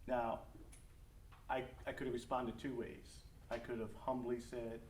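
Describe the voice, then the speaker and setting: A middle-aged man preaching as a pastor in a conversational, animated way, acting out family conversations. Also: medium pitch, a little slow, a little hiss or hum. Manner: animated, acts out family dialogue. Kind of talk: conversational sermon talk. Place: church or school hall. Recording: echoey room, mic from a distance.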